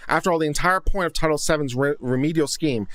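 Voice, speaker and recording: A man's voice: a little high, fast talker, a bit bright, dry recording. A man hosting a legal commentary show, reading a court opinion aloud and breaking in with thoughtful asides of his own. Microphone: studio condenser mic.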